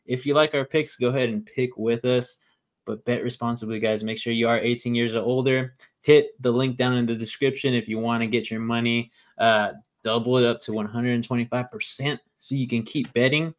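A man's voice: medium pitch, steady tone, fairly quick. A man hosting a casual football betting show, joking around and passing the floor to the others. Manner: laid-back, joking, hosting. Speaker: host. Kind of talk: casual sports betting chat.

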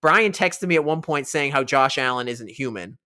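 A man's voice: mid-range voice, lively intonation, normal speed, pushed and bright, smooth. A man hosting a casual podcast, telling stories in a playful, hyped way. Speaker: podcast host.

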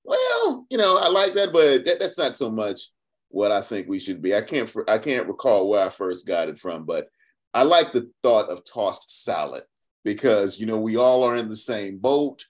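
A male podcast host with a fairly low voice talks through his ideas in a reflective interview. He is expressive and often restarts his sentences. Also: normal speed. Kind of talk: conversational interview.

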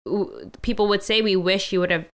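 A woman's voice: medium pitch, sing-song, a little fast. A woman co-hosting a podcast in casual chat, laughing often and talking with lots of fillers. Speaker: podcast co-host.

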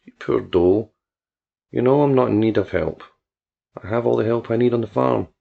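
Man voicing a calm young farm woman, soft and teasing, gravelly, dull lo-fi recording. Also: medium pitch, moderate pace. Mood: cool. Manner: soft, cool and unbothered. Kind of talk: audiobook character reading.

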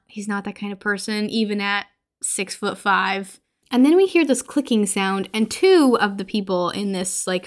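A woman's voice: medium pitch, fairly bright tone. Woman, podcast host, casual movie recap, chatty, lots of fillers.

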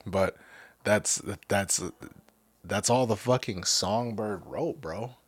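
Low-voiced man swearing through a pep talk. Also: slow pace, slightly rough. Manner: profane, rambling, with many restarts. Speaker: podcast host. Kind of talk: casual motivational monologue.

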